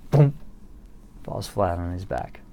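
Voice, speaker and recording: A man's voice: lowish voice, fairly even intonation, moderate pace, creaky, darkish tone. A man casually telling a rambling, profane story to an absent audience, laughing along at it, then reading poems aloud. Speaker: solo streamer or vlogger reading poems.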